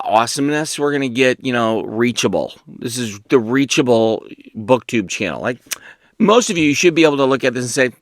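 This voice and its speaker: A man's voice: mid-range voice, a bit bright, no echo, clean studio sound. A man hosting a book video, rambling and joking at his own expense in casual chat. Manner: rambling, self-mocking and jokey. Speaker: booktube host.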